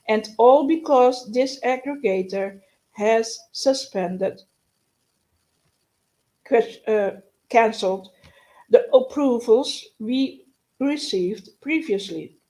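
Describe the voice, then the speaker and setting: A woman with a raised, higher voice hosts a live news stream. She talks slowly and haltingly, stumbling and restarting often, with an exasperated, complaining edge. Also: darkish tone, poor audio.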